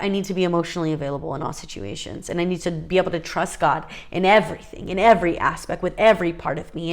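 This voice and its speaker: A young adult woman vlogger talking casually and earnestly, confiding with fillers and restarts. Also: on the low side. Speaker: faith vlogger. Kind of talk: casual heartfelt talk to camera.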